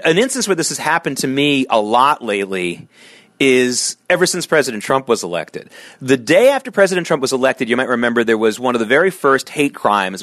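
A middle-aged man talks alone into a close mic, hosting his own podcast. His voice drops low and tired, then jumps up sharply for emphasis. The room is dry, with no echo. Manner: animated, swings from low tired tones to sharp emphatic peaks. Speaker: podcast host. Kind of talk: solo podcast monologue.

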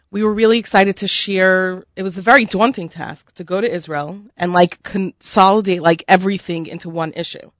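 A woman's voice: on the low side, dry recording, highs cut off. A woman who edits a magazine, chatting as a guest in an upbeat, earnest way. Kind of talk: casual interview chat.

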